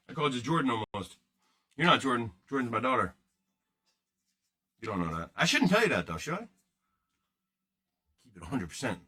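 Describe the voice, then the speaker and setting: Bright-voiced joking man streaming live. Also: medium pitch. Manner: joking, rambling, talks to chat. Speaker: host of a card-breaking livestream. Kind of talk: casual livestream chat.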